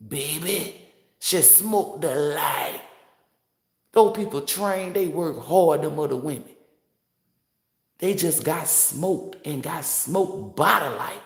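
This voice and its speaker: A woman's voice: low voice, takes it slowly, vocal fry, echoey room. A woman tarot reader giving casual, motivational commentary in a brash, preachy, profane and playful manner.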